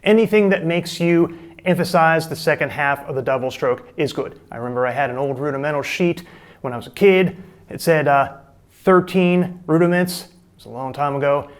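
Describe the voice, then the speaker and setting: A man's voice: fairly high pitch, a little fast. A middle-aged man giving a casual, chatty drum lesson, explaining and demonstrating technique. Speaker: drum teacher.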